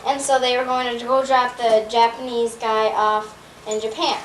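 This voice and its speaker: High-voiced woman rambling through a joke. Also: little pitch movement, noisy background. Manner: rambling, halting joke telling with many fillers. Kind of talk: casual joke telling. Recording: roomy, distant home video recording.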